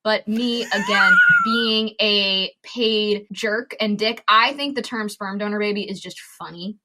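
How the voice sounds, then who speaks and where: A young woman talking as a podcast guest in animated casual conversation, swearing freely and bursting into loud ranting voices. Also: medium pitch, a little slow, very noisy.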